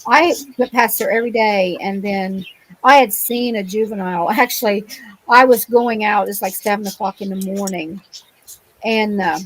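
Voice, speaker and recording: A woman from Ohio, speaking as a guest on a remote call, lets her stories run on with lots of "you know" and "um." Her voice sits at an ordinary middle pitch, and she paints scenes in vivid detail. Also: a little hiss or hum, rough recording. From Ohio, USA. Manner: rambling, vivid retelling with many fillers. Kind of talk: casual storytelling interview. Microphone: remote call microphone.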